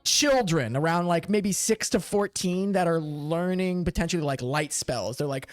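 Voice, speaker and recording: High-voiced casual male game master. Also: normal speed, no room sound, studio quality. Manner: casual, filler-heavy narration. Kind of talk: narrating a tabletop game.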